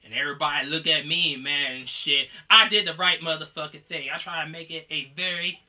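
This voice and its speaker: A man's voice: on the high side, steady tone, brisk, recorded from a distance. Rambling, profane man telling a story. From Detroit, USA. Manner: rambling, profane, acts out quoted shouting. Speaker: comedian telling gym stories.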